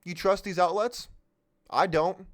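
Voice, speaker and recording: This political podcast host talks off the cuff in a high-pitched voice, unhurried and with fairly even intonation. His monologue is emphatic, full of rhetorical questions aimed at the audience, and now and then he loses his thread.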